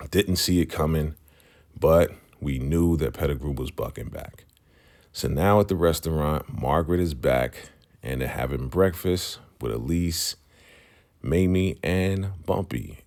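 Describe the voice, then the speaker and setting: A man casually recapping a TV episode, retelling the scenes with animated quotes of the characters. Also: very deep voice, vocal fry. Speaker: show recap host.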